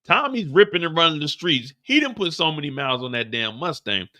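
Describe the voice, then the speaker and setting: A man hosting a live after-show, recapping an episode in a profane, animated storytelling way. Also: a little high, fairly quick, no room sound. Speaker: show host.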